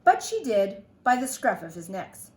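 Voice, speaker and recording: A woman's voice: mid-range voice, very animated, moderate pace, darkish tone. A woman teacher reading a picture book aloud to children, with chatty asides to the kids. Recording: echoey room.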